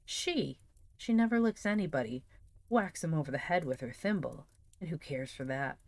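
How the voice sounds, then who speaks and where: A woman's voice: sits low, lively intonation, moderate pace, no echo. A woman reading aloud and voicing a mischievous young boy who coaxes a friend into a deal, in a storybook reading. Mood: coaxing. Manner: coaxing, wheedling.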